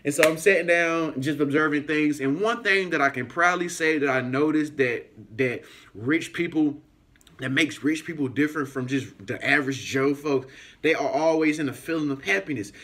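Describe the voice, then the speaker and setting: A somewhat high-voiced man tells a rambling story straight to his viewers. He talks in a loose, casual way, full of fillers, and keeps jumping into other people's voices as he acts the story out. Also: normal speed. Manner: animated, acts out voices in anecdotes, frequent fillers. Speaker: YouTuber.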